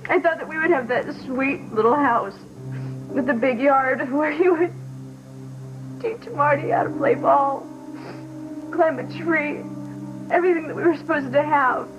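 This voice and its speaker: A young mother close to tears, her high voice halting and pleading. She sounds ashamed and keeps asking forgiveness. The soap opera audio is dull, with dramatic music underneath. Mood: tearful. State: near tears. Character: remorseful young mother confessing to her former love. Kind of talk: daytime soap opera acting.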